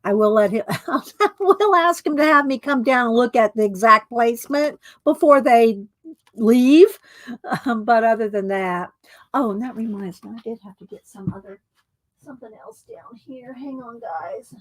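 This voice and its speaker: Chatty, rambling woman streamer, slightly high. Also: lively intonation, moderate pace. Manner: rambling, chatty, laughs often, greets viewers. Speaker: livestream host. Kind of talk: casual livestream chat.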